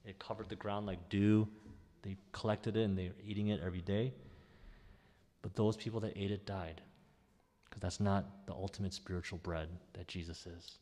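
A man preaching a sermon as pastor, in a conversational, animated way. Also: sits low, normal speed, in a large hall. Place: church sanctuary.

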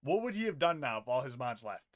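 A man's voice: medium pitch, big pitch swings, fast, slight background noise. A young man reacting to clips, profane and incredulous, laughing in disbelief as he rants. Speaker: commentary streamer. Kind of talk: reaction commentary.

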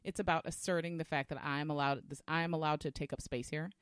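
Animated storytelling woman. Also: low-pitched, fast, smooth, dry recording, studio quality. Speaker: podcast co-host. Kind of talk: casual conversation.

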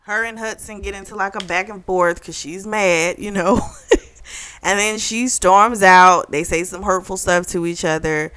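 Woman book reviewer, chatty and giggly, bright and smooth tone, retelling plots. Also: mid-range voice, a little slow. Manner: chatty plot retelling, laughing often. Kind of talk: casual chat.

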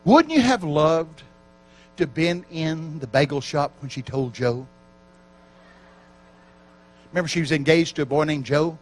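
A man's voice: on the high side, unhurried, pauses often, poor audio. A man preaching a sermon at a church camp meeting, telling stories with acted-out quotes. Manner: animated storytelling with acted quotes.

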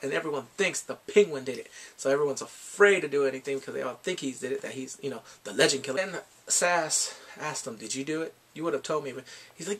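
A man casually recapping a TV episode, lively and excitable, often jumping into playful voices for the characters. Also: medium pitch, fast, husky. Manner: animated, bursts into shouts and playful quoted voices. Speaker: TV episode reviewer.

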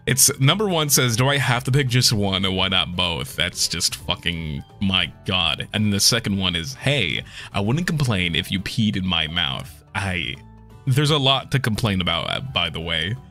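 A man streaming a game and commenting casually, excitable and profane, laughing often. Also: sits low, moderate pace. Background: game music.

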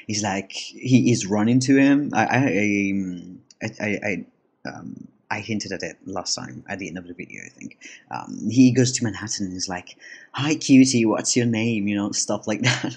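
Husky, rambling man narrating casually. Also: fairly low pitch. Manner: rambling, laughs often, many restarts. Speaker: comic artist and channel host.

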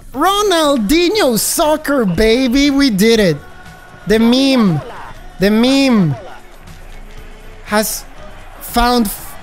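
Excitable man narrating his gameplay. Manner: excitable, bursts into high yelps and laughter. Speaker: gaming YouTuber. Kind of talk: live gameplay commentary.

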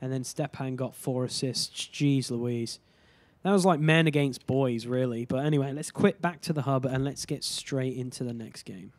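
A man's voice: mid-range voice, moderate pace, a little mellow, no room sound. A man giving casual let's-play commentary over his hockey game, often exasperated and exclaiming at what happens. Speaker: gaming YouTuber.

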